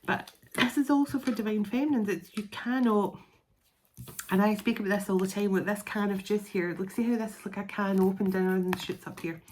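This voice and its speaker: Middle-aged woman, tarot reader, chatty and meandering, mid-pitched, faint hiss behind. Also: a little fast, a little mellow. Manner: rambling, chatty, laughs often, restarts phrases. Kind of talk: casual spoken tarot reading.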